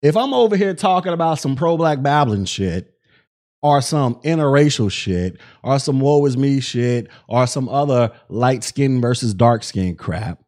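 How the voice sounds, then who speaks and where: Man, middle-aged, livestream host, irritated, profane, animated pitch. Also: normal speed. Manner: irritated, profane, rising to shouting. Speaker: podcast host reading live chat. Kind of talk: livestream commentary.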